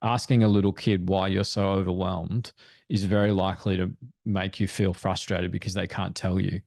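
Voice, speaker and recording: A man's voice: low voice, little pitch movement, normal speed, gravelly, darkish tone, dry recording, clean studio sound. A man speaking as a parenting expert guest in a webinar discussion, explaining in an earnest way. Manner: earnest, explanatory, acts out quoted thoughts.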